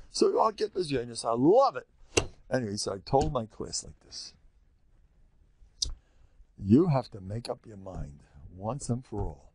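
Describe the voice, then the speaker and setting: An older man, a rabbi giving a Torah lesson in an animated storytelling way, acting out quotes. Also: mid-range voice, normal speed, pauses often, husky. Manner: animated storytelling, acts out quotes, mixes in Yiddish and Hebrew. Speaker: rabbi teaching a class.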